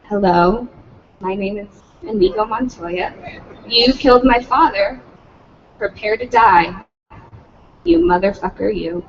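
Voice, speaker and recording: A woman's voice: high voice, normal speed, a bit bright, big-room sound, highs cut off, a little hiss or hum. A woman reading the part of a wounded young swordsman bent on revenge, speaking with grim resolve. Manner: grim, repeated vow.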